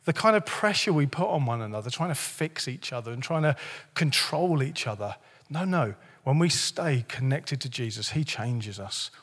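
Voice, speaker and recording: A male pastor preaching a sermon in a church, lively and joking in a conversational way, his voice a bit hoarse. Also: medium pitch, normal speed, in a large hall. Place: church hall.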